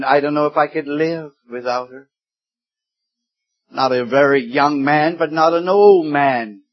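A man in his seventies preaching a sermon, slow and deliberate, rising suddenly into loud emphatic peaks. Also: medium pitch. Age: 70s. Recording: dull lo-fi sermon recording.

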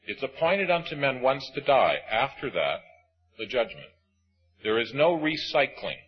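A man preaching with a husky edge, his pitch rising and falling in wide, lively sweeps. He presses hard on some phrases and drops to a hush on others. The recording is dull and lo-fi, with faint music underneath. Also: measured pace. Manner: emphatic, swinging between loud and hushed. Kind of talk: sermon.

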